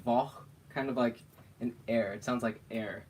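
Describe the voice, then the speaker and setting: A man's voice: medium pitch, fairly even intonation, a little slow, darkish tone, a little hiss or hum. A man casually teaching an invented alphabet on a livestream, talking in a playful way and laughing often.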